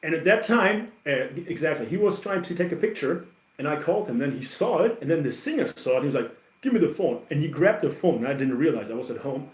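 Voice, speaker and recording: A man's voice: a little high, fast talker. Rambling man chatting on a roomy stream. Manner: rambling, animated storyteller with many restarts. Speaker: livestream host reacting to music. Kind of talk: casual livestream chat answering comments. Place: home. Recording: roomy, somewhat dull stream audio.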